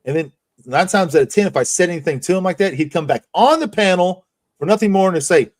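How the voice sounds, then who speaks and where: Man, stream host, swears a lot, laughs, slightly high voice. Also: animated, fast. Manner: profane, laughs a lot, storytelling. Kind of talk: casual stream chat.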